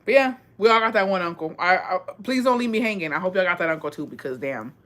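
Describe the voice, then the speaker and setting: A woman's voice: fairly low pitch, lively intonation, fast, fairly bright tone. A woman from Texas telling a rambling, profane story in casual chat and reading out viewer comments. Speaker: streamer.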